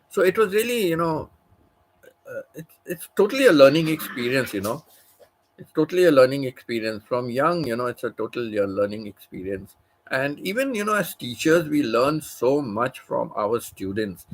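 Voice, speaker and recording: A man, a livestream host, telling a long personal story in casual chat, full of "you know" and restarts. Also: mid-range voice. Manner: rambling, many fillers like "you know".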